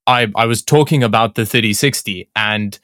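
A man with a South African accent drifting toward North American, a tech video creator chatting as a podcast guest, self-deprecating and quick to laugh. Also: on the low side, pushed and bright, dry recording, studio quality. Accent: South African, shifting toward North American. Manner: self-deprecating, laughs often, halting restarts. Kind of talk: casual tech podcast chat.

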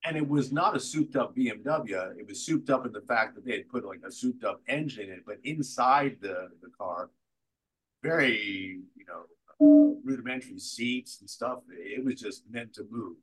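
A man, an actor, telling behind-the-scenes stories in a casual interview, animated and often restarting his sentences. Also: medium pitch, moderate pace, slightly rough. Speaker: actor guest.

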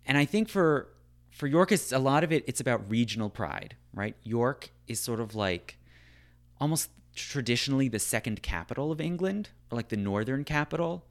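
In a mid-range, animated voice at normal speed, a man talks through history conversationally. His delivery is loose and packed with fillers, leaning constantly on "like" and "right?".

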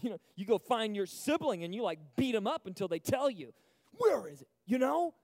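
A young man preaching an animated sermon to a church youth group, swinging from loud bursts to hushed moments. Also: sits high, a little fast, dry recording, clean studio sound. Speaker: youth pastor. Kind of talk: energetic sermon. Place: church service stage.

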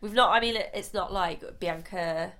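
A woman, co-hosting a casual podcast chat. She is lively and giggly, and her voice swoops up when she is amused. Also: medium pitch, normal speed. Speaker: podcast co-host. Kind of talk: casual chat about a TV show.

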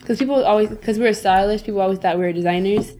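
A woman's voice: mid-range voice, very fast, mellow, slight background noise. Enthusiastic young woman guest. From Minnesota. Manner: enthusiastic, uses many fillers. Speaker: guest, eyewear designer. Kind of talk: casual podcast interview.

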